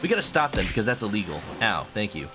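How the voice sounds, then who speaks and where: A man's voice: lowish voice, big pitch swings, fast. A man streaming a video game, chatting playfully with his viewers and humming to himself. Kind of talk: casual game commentary. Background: game music.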